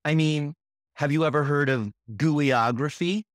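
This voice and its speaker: A man's voice: fairly high pitch, measured pace, no echo, studio quality. A man co-hosting a math podcast, doing scripted comedy banter with a wry, teasing manner. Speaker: podcast co-host.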